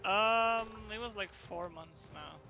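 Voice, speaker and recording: A man, a game developer, chatting casually on a livestream and explaining things in a relaxed way with fillers. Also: sits high, takes it slowly, creaky, soft background music.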